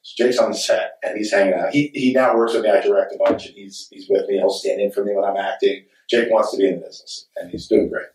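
Middle-aged man, lowish voice, candid rambling panel guest, roomy distant sound. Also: flat delivery, quick pace, few pauses, darkish tone, a little hiss or hum. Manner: candid, rambling, laughs readily. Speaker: actor and director at a fan convention panel. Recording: echoey hall, distant mic.

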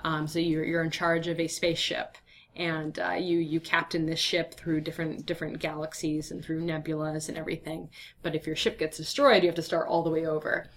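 Deep-voiced and fairly quick, a young female guest answers an interviewer in a flat delivery, though her manner is chatty and upbeat and full of fillers. A long day of talking has left her voice weary and a little slurred.

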